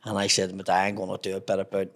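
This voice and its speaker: A man's voice: low voice, completely flat delivery, very fast, a bit bright. A man with a Belfast accent, a comedian guest telling swear-laden stories in casual chat. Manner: swears constantly, acts out voices in anecdotes.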